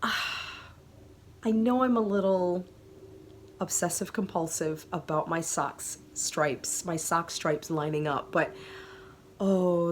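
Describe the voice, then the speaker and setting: A woman's voice: fairly low pitch, slight background noise. A woman hosting a knitting video podcast, chatting casually and gushing to viewers with plenty of ums. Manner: chatty, gushing, many fillers. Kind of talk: casual chat to camera.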